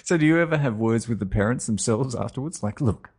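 A man's voice: mid-range voice, expressive, quick pace, darkish tone, slightly rough. A man interviewing a guest for listeners, asking prompting questions and responding appreciatively. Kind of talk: radio interview.

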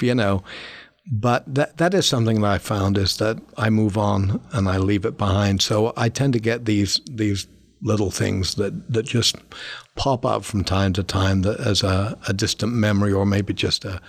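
An older man from England with a mixed Manchester and Cornish accent, speaking haltingly in a reflective interview. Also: fairly low pitch, vocal fry, dry recording. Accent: mixed English, Manchester and Cornish. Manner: halting, with frequent restarts and pauses. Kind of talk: reflective conversation.

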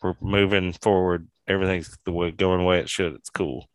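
A man's voice: deep voice, flat delivery, fairly quick, dry recording. A man hosting a podcast, chatting casually in a laid-back, rambling way. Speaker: podcast host. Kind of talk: casual chat.

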